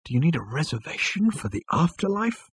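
A man's voice: a little high, sing-song, fairly quick, husky, no echo, pitched above the performer's own voice, heavily acted. A man reading a storybook and voicing a prim, disdainful green blur of a waiter in a raised voice.

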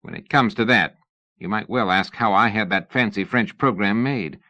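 A man's voice: lowish voice, moderate pace, sharp tone, no echo, lo-fi sound. A man reading the lines of a streetwise, blunt rogue. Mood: gruff. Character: cocky streetwise London man, gruff and blunt.

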